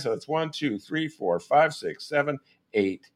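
A man hosting a casual interview, swinging between quiet mutters and excited outbursts. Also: mid-range voice, unhurried. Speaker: host.

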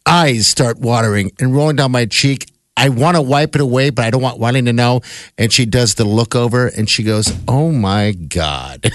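A man co-hosting a podcast, chatting casually about football with an animated storytelling manner and many fillers. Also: mid-range voice, a little fast, dry recording. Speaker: podcast co-host. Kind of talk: casual sports chat.

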